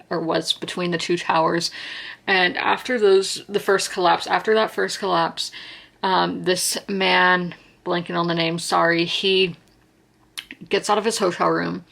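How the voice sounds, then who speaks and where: Gravelly-voiced young woman book vlogger. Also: on the low side, a bit bright. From South Carolina. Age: 20s. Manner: chatty, rambling, heartfelt, many fillers and restarts. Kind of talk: casual reading vlog.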